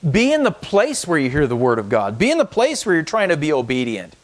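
A man preaching with an earnest, fairly high voice. He walks through the scripture verse by verse and lifts his delivery when he reads the passages aloud. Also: huge pitch swings, a little fast. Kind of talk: sermon with scripture reading.

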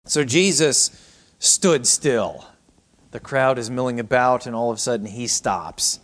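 A middle-aged man preaching a sermon, swinging between raised cries and hushed, almost whispered passages. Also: medium pitch, measured pace. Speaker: pastor.

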